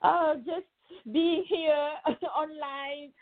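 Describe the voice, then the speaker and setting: A woman's voice: sits high, steady tone. French-accented woman on a thin line. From France. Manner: halting, many fillers and restarts. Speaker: guest. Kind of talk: remote interview. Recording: phone-like narrow sound.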